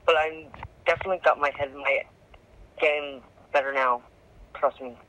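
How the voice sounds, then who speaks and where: A woman's voice: low voice, fairly even intonation, moderate pace, fairly bright tone. A young woman on a phone call, rambling and scattered, swearing and apologizing as she talks. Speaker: caller.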